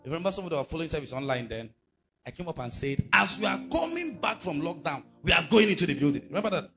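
A man preaches a sermon as pastor, leaning on emphatic repetition and rhetorical questions. His voice sits fairly high and swings widely in pitch. The recording is dull and lo-fi, with faint music underneath. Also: very animated, fast talker, vocal fry, fairly bright tone.

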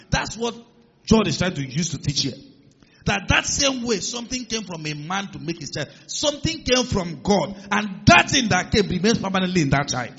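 Husky-voiced preacher in a reverberant hall. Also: male voice, high voice. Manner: emphatic preaching, rising to loud declarations. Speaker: pastor. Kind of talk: sermon. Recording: muffled sound with long hall reverb.

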